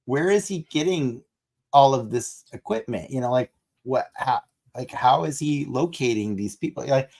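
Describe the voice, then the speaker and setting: Gravelly man rambling about movies. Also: mid-range voice, normal speed. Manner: rambling, animated, many restarts. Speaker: podcast co-host. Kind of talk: casual movie discussion.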